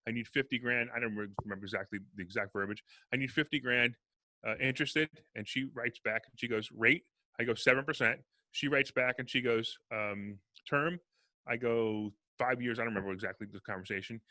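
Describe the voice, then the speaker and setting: A man's voice: mid-range voice, dry recording. A man, a real estate investor, telling stories in a casual podcast interview and acting out the dialogue. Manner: fast, animated storyteller acting out dialogue.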